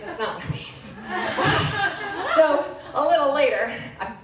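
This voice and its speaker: A woman in her thirties telling a stand-up story from a venue stage. Her high voice leaps all over, jumping sharply up and down as she acts out the tale. The sound is roomy and distant, with a faint hiss under it. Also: slow pace, a faint crowd. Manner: animated storytelling with wild pitch jumps. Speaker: stand-up comedian.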